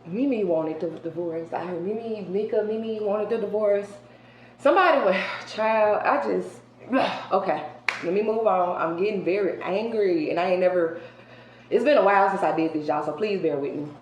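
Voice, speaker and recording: A woman chatting through a tarot reading in a loose, colloquial way, her voice at a middle pitch. She punches some words loudly and drops others to a near whisper. The room echoes around her, with a faint hiss underneath. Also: moderate pace. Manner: colloquial and emphatic, swinging between loud outbursts and hushed asides. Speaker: tarot reader. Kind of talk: casual tarot card reading to viewers. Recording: roomy echo with faint background hiss.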